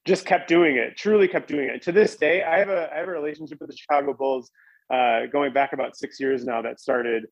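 A man's voice: a little high, fairly quick, no room sound, muffled recording. A man casually telling a long story as a podcast guest, rambling with lots of "like" and restarts.

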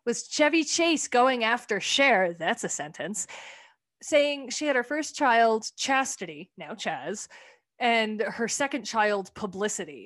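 A woman's voice: on the high side, lively intonation, slow, a bit bright. A woman co-hosting a casual chat, talking candidly, swearing bluntly when annoyed and acting out quoted lines. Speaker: podcast co-host. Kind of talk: casual chat reviewing a comedy show.

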